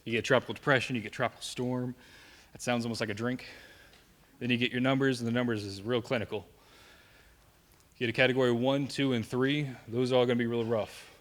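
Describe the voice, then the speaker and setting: A young man with a Southern American accent talks through safety to a live audience, joking and conversational, frequently asking "right?". His voice is mid-range and steady, fairly quick and a bit bright, with a long hall reverb on the recording.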